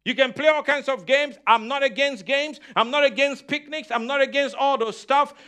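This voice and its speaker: A man's voice: very high voice, normal speed, sharp tone. A man preaching a sermon as pastor, asking the congregation questions and repeating key phrases.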